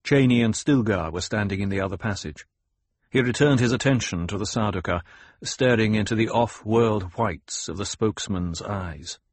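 A man narrating an audiobook in a steady, measured way. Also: on the low side, no room sound. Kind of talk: scripted narration.

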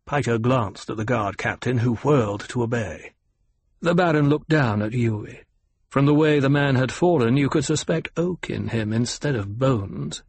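A man narrating an audiobook in an unhurried, even storytelling manner. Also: mid-range voice, slightly rough, no room sound. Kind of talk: scripted narration.

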